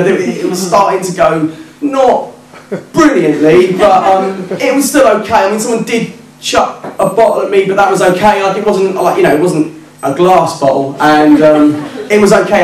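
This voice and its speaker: A man telling a true story live to an audience, self-mocking and animated, laughing at himself. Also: sits high. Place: working men's club stage. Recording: echoey club from far off, crowd.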